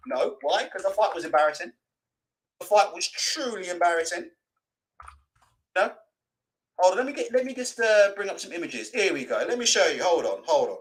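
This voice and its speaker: A man hosting a boxing livestream, ranting, swearing and reading out viewer comments, with mocking put-on voices. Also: high-pitched. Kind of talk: live-stream rant and comment reading.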